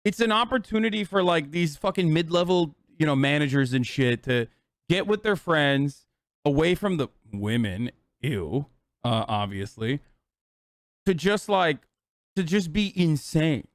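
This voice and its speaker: A man's voice: a little high, animated, a little slow, no echo, studio quality. A man in his thirties telling a rambling, sarcastic, profane story on a casual livestream. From United States. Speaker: streamer.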